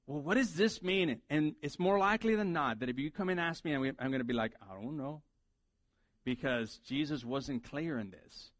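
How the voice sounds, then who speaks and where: High-voiced, dry-sounding male preacher. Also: dry recording. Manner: conversational, animated, acts out quoted lines. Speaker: pastor. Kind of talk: sermon.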